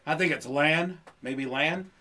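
A man's voice: fairly high pitch, slow pace, pushed and bright. A man hosting a casual podcast, running a quiz, blunt and profane. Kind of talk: casual chat.

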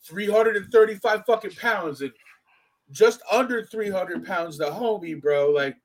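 A man hosting a podcast, telling a story in casual chat, profane and animated, acting out what others said. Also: a little slow, poor audio. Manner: animated, profane, acts out quotes with big pitch swings. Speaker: podcast host.

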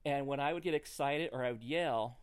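A middle-aged man, a comedian guest on a podcast, telling a story in an animated, laughing way. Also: medium pitch, a little fast, smooth.

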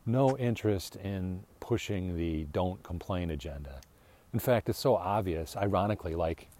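A man hosting a podcast, talking in a casual, rambling monologue that is animated and exasperated, full of restarts and asides. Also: low voice, a little hiss or hum. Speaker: podcast host.

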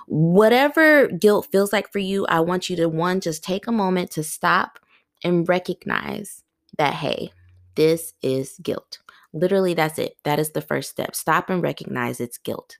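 Woman, podcast host, earnest coaching, low pitch, dry room. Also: measured pace, gravelly, no room sound. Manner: earnest coaching, speaks straight to listeners, laughs at own jokes. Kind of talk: solo motivational podcast talk.

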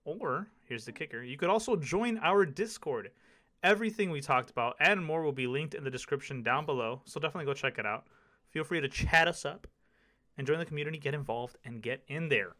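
A man's voice: a little high, animated, brisk, bright, forceful tone. A man hosting a podcast in casual chat, hyped, jokey and chatty. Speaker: podcast host.

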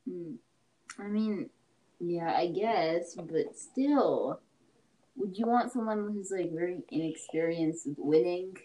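A woman's voice: on the low side, slow pace, dark tone, rough recording. A woman co-hosting a podcast in casual chat, skeptical and teasing. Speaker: podcast co-host.

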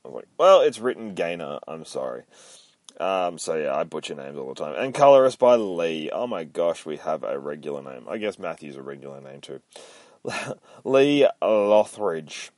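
A man's voice: rumbling low, expressive, brisk, darkish tone, no room sound. A man hosting a casual comic book recap podcast, rambling, swearing a lot and mocking himself. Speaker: podcast host.

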